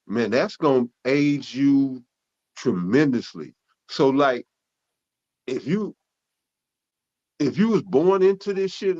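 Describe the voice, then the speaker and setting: A man's voice: medium pitch, dull audio. A man gives casual spoken Bible teaching, with loose, conversational talk, frequent restarts and cursing.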